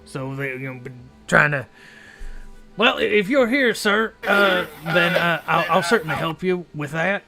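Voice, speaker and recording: A man's voice: on the high side, lively intonation, measured pace, sharp tone, faint music behind, exaggerated voice. A man doing a tipsy, stammering ghost dwarf. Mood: eager. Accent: put-on accent that keeps slipping. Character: drunk ghostly dwarf brewery foreman, fussy.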